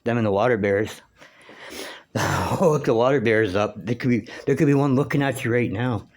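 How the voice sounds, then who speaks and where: A man's voice: medium pitch, moderate pace. A man talking in a rambling, casual monologue, swearing freely and wandering between thoughts with lots of fillers. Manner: rambling, profane, meandering with many fillers. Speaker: vlogger.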